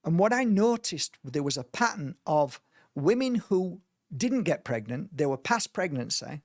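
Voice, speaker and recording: Earnest man, light-pitched healer. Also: big pitch swings, a little slow, a little mellow, no room sound, clean studio sound. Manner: earnest, rambling, with frequent restarts and mimicked voices. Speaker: spiritual healer leading a workshop. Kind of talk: informal spoken workshop talk.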